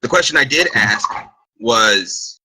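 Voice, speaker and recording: A man with a strikingly sharp, husky voice speaks over an online voice chat during a practice session. He answers hesitantly, restarting his phrases, at an ordinary pitch. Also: lively intonation, takes it slowly, poor audio. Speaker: student. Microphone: online voice chat mic.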